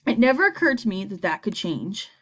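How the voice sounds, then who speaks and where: A woman voicing a gentle mother who speaks softly to calm her child. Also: medium pitch, brisk, breathy edge. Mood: soothing. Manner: soft, calming.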